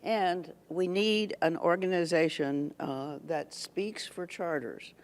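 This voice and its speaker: A speaker gives a prepared address to a meeting hall, picking each word slowly and carefully. The voice has a gravelly, creaky edge, and the delivery stops and restarts often. Pitch sits in an ordinary middle range. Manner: deliberate, halting, many pauses and restarts. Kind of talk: prepared public speech.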